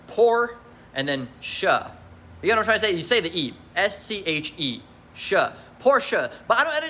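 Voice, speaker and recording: Twenties dude rambling on his vlog at home, quick and kinda high voiced, faint noise behind. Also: pushed and bright. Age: 20s. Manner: rambling, joking, goes off on tangents. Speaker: vlogger host. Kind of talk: casual vlog chat. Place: at home near his garage.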